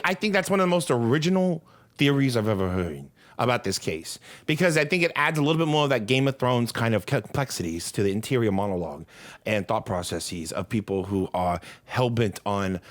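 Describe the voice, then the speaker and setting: A man's voice: mid-range voice, lively intonation, a little fast, fairly bright tone, no room sound. A man co-hosting a comedy podcast, chatting casually with a sarcastic, mock-serious manner. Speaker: podcast co-host.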